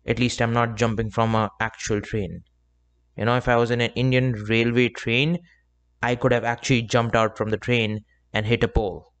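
A man's voice: mid-range voice, little pitch movement, normal speed, fairly bright tone. A young man hosting his own solo podcast, talking in a rambling, chatty way with self-joking asides. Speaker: podcast host. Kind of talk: casual solo podcast monologue.

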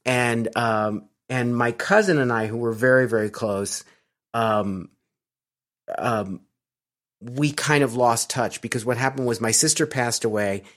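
A man's voice: medium pitch, a little slow, fairly bright tone. Middle-aged American man, casual interviewee, rambling delivery full of ums and restarts. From United States. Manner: rambling, with many fillers and restarts.

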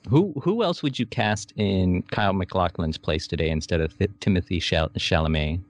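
A man's voice: sits low, lively intonation, moderate pace, no room sound. A man co-hosting a casual podcast while watching a movie, laughing often and joking around. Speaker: podcast co-host.

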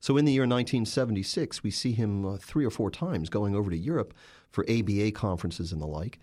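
A man's voice: lowish voice, fast talker, darkish tone. A man, a journalist and author, answering interview questions with emphatic, storytelling narration.

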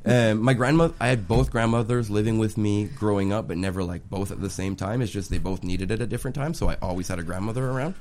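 A man's voice: on the low side, quick pace, few pauses, a little hiss or hum. A man in his twenties in casual chat, telling stories with lots of swearing and jokes. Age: 20s. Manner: animated, swearing, joking storyteller.

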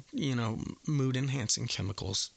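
A man's voice: mid-range voice, gravelly, bright, forceful tone, slightly rough, no room sound. A man making a prank phone call, rambling and swearing in angry outbursts. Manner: profane, rambling, escalating outbursts. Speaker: prank caller.

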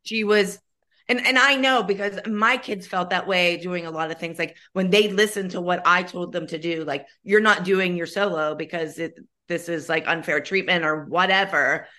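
A middle-aged woman with a bright, sharp-edged voice, chatting frankly on a podcast. She talks earnestly about what she has lived through as a parent. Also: lowish voice, normal speed. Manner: earnest, frank, speaks from her own experience. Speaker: podcast co-host, mother of former dancers. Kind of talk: casual chat.

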